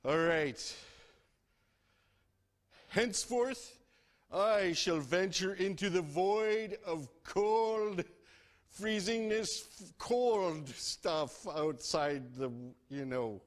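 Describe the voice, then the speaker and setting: Man doing a show-off trickster coyote, high bouncy voice, sing-song, storytelling. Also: lively intonation, drawn-out words, heavily acted. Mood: grandiose. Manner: sing-song, playful, grandiose. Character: cocky young male coyote, show-off trickster.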